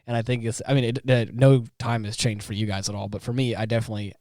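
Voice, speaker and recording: A man co-hosting a podcast in casual chat, rambling and halting, laughing often. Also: medium pitch, level tone, a little mellow, no echo, clean studio sound. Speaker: podcast co-host.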